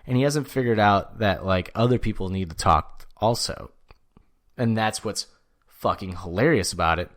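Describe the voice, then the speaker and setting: Low-voiced man telling a loose, profane story. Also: normal speed, fairly bright tone. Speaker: podcast co-host. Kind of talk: casual podcast chat.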